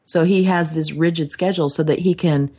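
A woman in casual conversation about a book she read, animated and acting out quotes. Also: fairly quick, slightly rough. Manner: animated, acts out quotes with raised pitch. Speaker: book discussion co-host.

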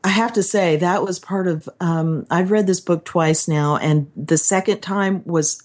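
A woman in casual conversation about a book she read, animated and acting out quotes. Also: unhurried. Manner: animated, acts out quotes with raised pitch. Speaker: book discussion co-host.

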